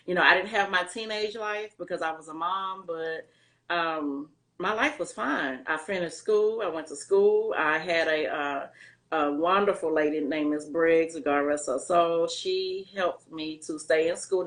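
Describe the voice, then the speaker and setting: A woman's voice: on the low side, unhurried, a bit bright. A middle-aged woman, an interview guest, telling her life story candidly in loose conversational speech with many fillers.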